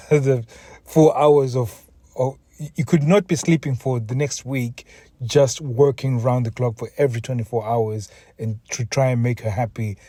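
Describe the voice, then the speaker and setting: Earnest man, dark husky voice. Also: medium pitch, no echo. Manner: earnest, repeats words, restarts sentences. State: mentally exhausted, emotional. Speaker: podcast host, relationship coach. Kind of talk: solo podcast monologue.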